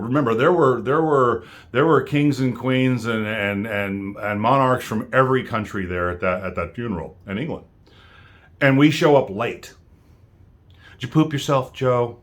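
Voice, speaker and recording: Angry american guy ranting to camera, keeps stammering and restarting. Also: medium pitch. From United States. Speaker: vlogger. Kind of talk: angry political rant.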